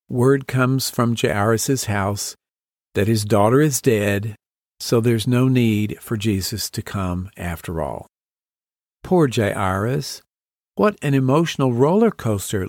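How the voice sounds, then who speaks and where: With a mid-range, darkish voice, a man leads a devotional podcast through a Bible story in a reflective manner, asking listeners to picture the scene and place themselves in it. The sound is clean studio quality with no echo.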